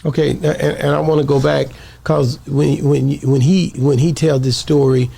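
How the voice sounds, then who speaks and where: A male interviewer who restarts his questions several times before finishing them. His voice is slightly high and gravelly. He speaks like someone checking the facts. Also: flat delivery, warm tone. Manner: halting restarts when asking.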